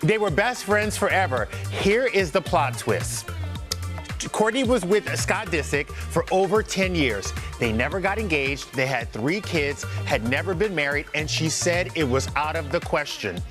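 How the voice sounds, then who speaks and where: A man's voice: a little high, animated, a little slow, over music. A man as a pop culture correspondent, giving a playful, sassy celebrity news segment. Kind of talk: scripted entertainment news segment.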